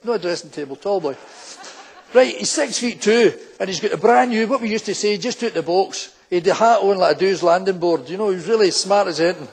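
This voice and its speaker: A man's voice: sits high, fairly quick, breathy edge. A Scottish man with a Glaswegian accent, an older former policeman, doing live stand-up storytelling on stage and acting out the people in his anecdotes in broad local dialect. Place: town hall stage before a full house.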